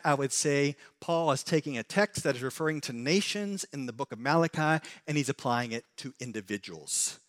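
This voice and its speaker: A pastor in his forties preaching a sermon with passion, swinging from loud, pleading emphasis to quiet, earnest reassurance. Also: medium pitch.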